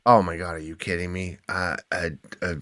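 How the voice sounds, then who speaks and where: A man, an endurance athlete and author, telling animated stories as a podcast guest and often restarting his words. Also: low-pitched, moderate pace, no room sound, studio quality. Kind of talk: conversational podcast storytelling.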